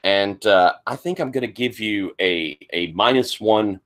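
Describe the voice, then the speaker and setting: A man with a bright, forceful voice leads a tabletop game as its master. He paints the action in loose, improvised descriptions and fills the gaps with easy fillers. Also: fairly low pitch, unhurried.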